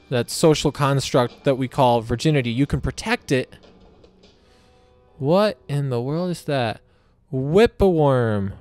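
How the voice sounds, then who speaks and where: A man with a mid-range, darkish voice that sounds clear and resonant offers casual let's-play commentary as he plays a video game. He's goofy throughout, talking to the enemies, putting on silly voices, swearing and cracking crude jokes.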